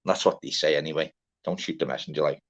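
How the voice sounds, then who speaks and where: A man's voice: a bass voice, quick pace. A young Scouse man hosting a casual livestream, chatty and sweary, greeting viewers by name. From Liverpool, England. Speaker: livestream panel host. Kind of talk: casual live chat. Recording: dull lo-fi stream audio.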